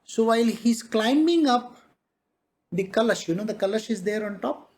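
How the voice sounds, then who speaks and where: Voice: medium pitch, lively intonation, a little mellow. A spiritual master giving a devotional discourse, telling a parable with frequent chuckles. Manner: slow storytelling, chuckling.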